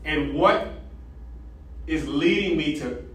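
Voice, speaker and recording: A man lecturing an ethics class, animated and interactive, quizzing students and tagging sentences with "right?". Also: fairly high pitch, slow pace, far from the mic. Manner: animated, asks the class questions, frequent "right?". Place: large echoey classroom. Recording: echoey classroom recorded from afar.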